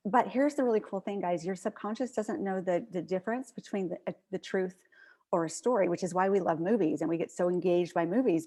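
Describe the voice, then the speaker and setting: A woman's voice: medium pitch, a little mellow. A woman hosting an interview, talking in an upbeat, motivational coaching way. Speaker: host. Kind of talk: casual video interview chat.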